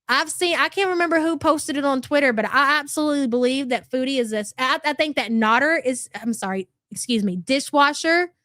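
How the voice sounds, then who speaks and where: A woman's voice: high voice, brisk, hardly any pauses, a bit bright, dry recording, clean studio sound. A woman hosting a casual livestream, gossiping and thanking viewers for super chats. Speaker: livestream host. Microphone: desk microphone.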